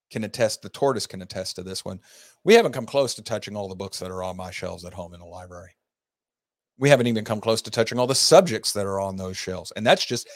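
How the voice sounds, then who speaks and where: A man's voice: fairly low pitch, no room sound. A man giving an earnest, rambling lecture to his class, with heated rhetorical questions. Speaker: teacher hosting an online class. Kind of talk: unscripted lecture to students.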